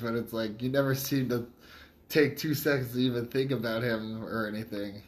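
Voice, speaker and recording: A man's voice: mid-range voice, normal speed. Sarcastic laughing podcast guy. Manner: laughing, sarcastic, mocking impressions. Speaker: podcast co-host. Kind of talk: casual movie-rant chat.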